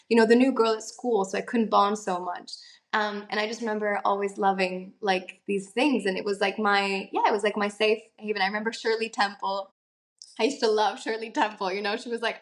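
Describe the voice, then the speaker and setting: A young adult actress from Italy, talking in a casual, chatty interview with lots of fillers. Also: female voice, mid-range voice, a bit bright. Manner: chatty, many fillers and laughs. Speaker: actress, guest.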